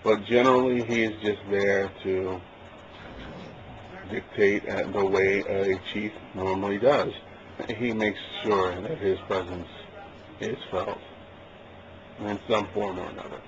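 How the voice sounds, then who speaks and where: Man voice actor, lowish, halting casual chat, noisy lo-fi home recording. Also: fairly even intonation. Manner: halting, repeats words while searching. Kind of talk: casual behind-the-scenes chat.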